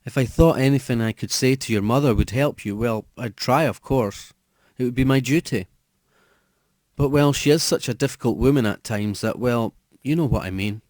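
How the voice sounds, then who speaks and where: Man playing a flustered priest, hesitant, stammering, mellow voice, dry sound. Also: medium pitch, moderate pace, dry recording, lightly acted. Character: flustered young male priest, nervous.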